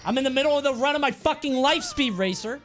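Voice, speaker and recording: A man's voice: extremely high pitch, fast, a bit bright, faint music behind. A man streaming a game live, talking in a playful, sweary, jokey way. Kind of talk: live gameplay commentary.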